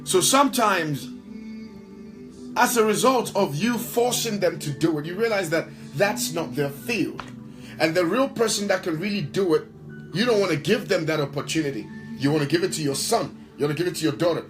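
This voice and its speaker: A man who serves as a pastor and worship leader speaks in an interview with a somewhat high voice. His delivery is emphatic and preacher-like, repeating phrases to drive his points home. Soft music plays faintly behind him. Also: animated, moderate pace, poor audio. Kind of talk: interview answer, preacher-like talk.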